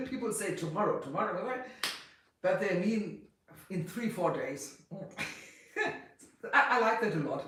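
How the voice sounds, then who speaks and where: A woman's voice: lowish voice, fairly bright tone. A woman with a German accent chats casually with her livestream viewers in English, her second language. She rambles, restarts her thoughts and laughs easily. Her voice rings in a strongly echoing room. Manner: chatty, rambling, laughs often. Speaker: livestream host. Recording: very echoey room.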